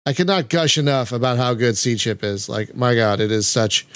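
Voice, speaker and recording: A man's voice: medium pitch, moderate pace, fairly bright tone, clear, resonant tone, no room sound. Effusive gushing male podcast host. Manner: effusive, gushing, frequent exclamations. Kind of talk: casual podcast chat.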